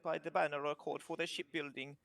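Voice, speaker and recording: Gm putting on a jittery little kobold guy, fake italian accent, stammers and frets, pitched up high. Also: lively intonation, a little fast, sharp tone, full character voice. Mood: distressed. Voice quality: mock Italian-style accent. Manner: fretful, stammering, pleading. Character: small anxious male kobold lumber trader. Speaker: game master.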